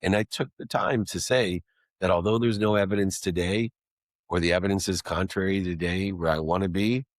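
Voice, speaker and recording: A middle-aged man with a very low voice tells his story with emphasis, building rhythmic lists of words that start with the same sound. The recording is close and dry. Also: steady tone, moderate pace, dry recording. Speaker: guest. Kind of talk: personal storytelling in an interview.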